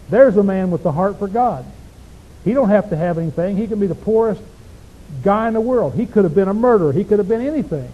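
A man's voice: high voice, expressive, quick pace. A man preaching a sermon, teaching a Bible passage in a folksy, emphatic way with many rhetorical questions. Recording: dull lo-fi recording.

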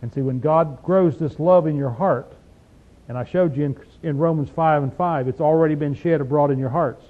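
Folksy man preaching on tinny tape. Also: fairly high pitch. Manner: folksy, emphatic, reads verses slowly then explains. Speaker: Bible teacher. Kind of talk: informal Bible study sermon.

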